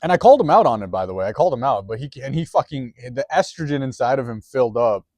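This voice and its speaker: A man's voice: mid-range voice, very animated, quick pace, a little mellow, dry recording. A man telling a story in a rambling, profane, casual way, full of restarts and chuckles.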